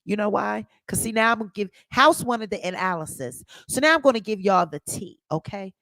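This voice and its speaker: A woman's voice: mid-range voice, brisk, fairly bright tone, dry recording. A woman hosting a casual livestream commentary, talking sassy and profane straight to her audience. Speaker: commentary show host.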